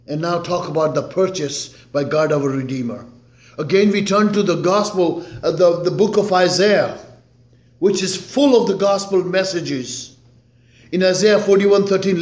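A male pastor preaching a sermon slowly and emphatically, swinging between loud declarations and hushed, soft phrases. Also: high voice. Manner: slow, emphatic preaching with dramatic swings in loudness. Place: church sanctuary. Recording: echoey church room.

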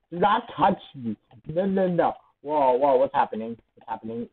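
A man giving let's play commentary, excitable, often shrieking and laughing as he plays. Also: on the high side, moderate pace, creaky, breathy edge. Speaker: gamer. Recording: tinny phone-like sound.

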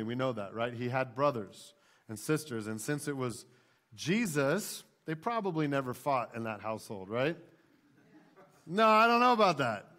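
A man in his thirties preaching a sermon in a church, talking to the congregation conversationally with frequent "right?" tag questions and animated storytelling. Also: a little high. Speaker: pastor. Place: church sanctuary.

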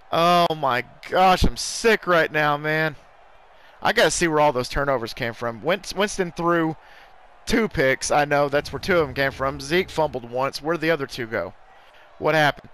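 A young gaming YouTuber excitedly narrates his live play of a football video game, packing in exclamations and mild curses. His pitch is fairly high.

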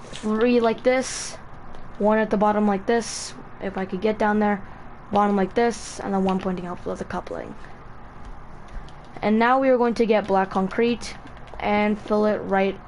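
A woman's voice: medium pitch, steady tone, a little slow, darkish tone, a little hiss or hum. A woman streaming a casual building tutorial, rambling with many fillers and self-corrections.

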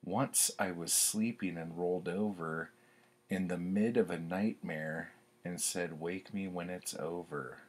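A man with a very low, husky voice reads aloud from his old childhood poems and mocks them as he goes. He talks slowly and casually, in a wry, self-deprecating tone. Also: steady tone. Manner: wry, self-mocking, laughs at his own writing. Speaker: author reading his childhood writing. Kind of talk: casual reading and commentary.

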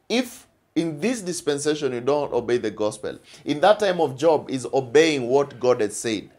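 A man with a Kenyan English accent preaching a sermon, emphatic, repeating phrases and often asking "all right?". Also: fairly high pitch.

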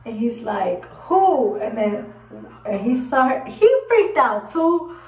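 A young woman in her twenties telling a casual storytime, acting out what she and others said and swearing casually. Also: mid-range voice. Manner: animated, acts out her own quotes, swears casually. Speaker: vlogger. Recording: roomy echo, a bit far from the mic.

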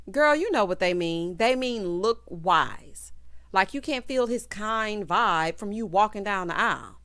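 A woman's voice: medium pitch, expressive, normal speed, a bit bright, no room sound. A woman giving a sassy, casual recap of a reality show, talking straight to her viewers. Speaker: TV recap reviewer.

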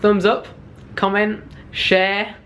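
A man's voice: sits high, completely flat delivery, drawn-out words, poor audio. A young man, chatting casually to the camera in an upbeat travel vlog, with lots of fillers. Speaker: vlogger. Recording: loud outdoor ambient noise.

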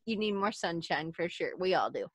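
A woman's voice: lowish voice, animated, normal speed, breathy edge, no room sound. A woman hosting a podcast in a casual chat, giggly and chatty, reading out listener comments. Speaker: podcast host.

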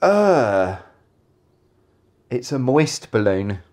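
A man's voice: medium pitch, very animated, extremely slow, a little mellow. Playful man chatting to himself. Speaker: YouTuber. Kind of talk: playful vlog commentary. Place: indoor hallway on stairs.

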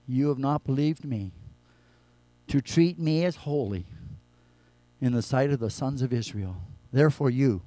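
A male pastor preaching a sermon, moving between quiet low scripture reading and loud, raised exhortation. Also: dry recording. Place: church.

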